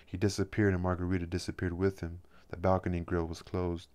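A man with a deep, low voice reads a novel aloud. His delivery is plain and unhurried, keeping a flat, steady line through the narration. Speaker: audiobook reader. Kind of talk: reading a novel aloud, then commenting.

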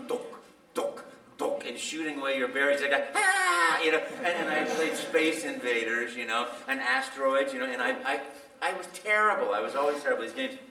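A man telling animated stories at a fan convention panel, laughing and acting out voices along the way. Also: fairly high pitch. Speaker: voice actor, panel guest. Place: convention hall. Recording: echoey hall, mic from a distance.

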